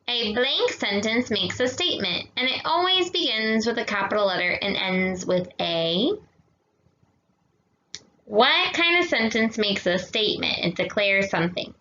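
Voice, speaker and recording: A young woman teaching a grammar lesson to kids, talking slowly and patiently, checking in with "okay?" and mixing in Spanish words. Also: on the high side, animated, pushed and bright, a little hiss or hum. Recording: echoey dull room sound.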